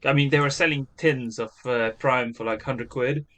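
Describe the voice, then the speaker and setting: A man's voice: medium pitch, steady tone, normal speed, fairly bright tone. A man, a podcast co-host, rambling sardonically in casual chat with many restarts.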